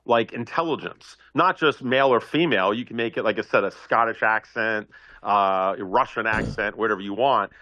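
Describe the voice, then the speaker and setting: A man speaking as a guest commentator on a talk show, animated and thinking aloud, often repeating words. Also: on the low side, normal speed, no echo, muffled recording. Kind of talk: casual political talk show chat.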